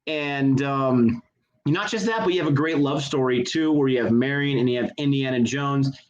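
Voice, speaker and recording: A man's voice: mid-range voice, moderate pace, lo-fi sound, a crowd in the background. A man in his thirties co-hosting a casual movie review chat, gushing with enthusiasm. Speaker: co-host of a movie review show. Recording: connection issues on the audio.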